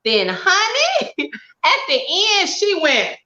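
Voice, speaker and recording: Bubbly high-voiced woman co-host. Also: wildly swooping pitch, slow pace, sharp tone, dull audio. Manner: exuberant, laughs often, emphatic. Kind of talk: excited casual chat.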